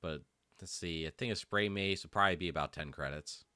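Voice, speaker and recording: A man's voice: sits low, fairly quick, pushed and bright, dry recording, studio quality. A man running a tabletop game as game master, rambling easily with lots of fillers. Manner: easygoing, rambling, full of fillers. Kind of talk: casual narration of a tabletop game.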